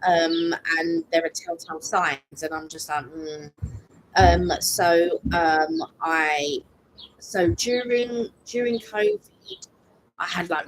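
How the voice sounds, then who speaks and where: A woman's voice: on the low side, a little hiss or hum, low-quality recording. Rambling woman chatting outdoors. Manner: rambling, lots of "like" and "um". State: recovering lost voice. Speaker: co-host of live stream. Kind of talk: casual live-stream chat. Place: outdoors in a garden. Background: birdsong.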